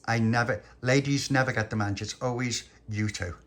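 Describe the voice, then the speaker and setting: A brisk, no-nonsense little girl talks in a matter-of-fact way, as a man reads her in a storybook telling. Her voice stays only a little above his own. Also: mid-range voice, fairly even intonation, natural voice. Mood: exasperated.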